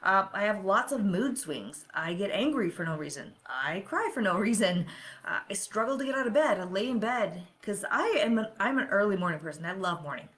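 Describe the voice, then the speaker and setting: Speaking briskly and expressively, a middle-aged woman with a mid-range, slightly bright voice hosts her podcast and coaches. The monologue is personal and candid, full of confessions and repeated "right?" check-ins.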